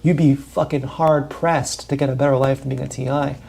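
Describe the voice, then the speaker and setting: A man's voice: medium pitch, steady tone, moderate pace, vocal fry, darkish tone. A man livestreaming a rambling, profane, meandering monologue with emphatic bursts.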